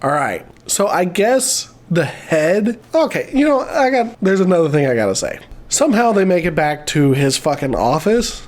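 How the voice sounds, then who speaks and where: A man's voice: sits high, very animated, moderate pace, few pauses. Profane, rambling young man. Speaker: movie reviewer. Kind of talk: casual scene-by-scene movie recap.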